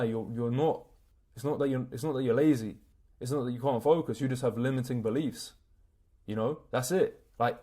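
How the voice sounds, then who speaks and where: Energetic man giving a pep talk. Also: mid-range voice. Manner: energetic, swearing, casual slang. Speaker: self-improvement coach. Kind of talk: motivational talk to camera.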